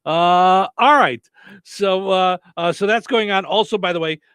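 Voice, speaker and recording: A man's voice: high voice, unhurried, fairly bright tone, smooth, dry recording. A man hosting a radio show, reading news headlines and tagging each with a wisecracking joke. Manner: wisecracking, jokey punchlines after headlines. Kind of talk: comedic news-headline banter.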